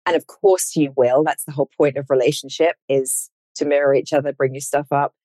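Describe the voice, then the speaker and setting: Female coach and author, low voice, dry recording, warm-hearted encouraging advice in casual talk. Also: brisk, no room sound. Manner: encouraging, reflective, animated in bursts. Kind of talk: casual podcast conversation.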